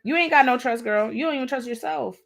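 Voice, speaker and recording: Woman, tarot reader on a live stream, blunt, scolding, slangy, repeats herself, slightly high voice. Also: fast, creaky, very noisy.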